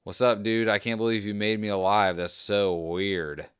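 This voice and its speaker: A man's voice: on the low side, flat delivery, normal speed, fairly bright tone, smooth, lightly acted. A man voicing a laid-back male creature who talks like a casual dude in easygoing slang. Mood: puzzled.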